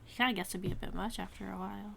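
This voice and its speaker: A woman chatting as a player in an online tabletop game, quick and chatty. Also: mid-range voice, fairly even intonation, creaky, bright, forceful tone, a little hiss or hum. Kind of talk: casual chat in a tabletop game.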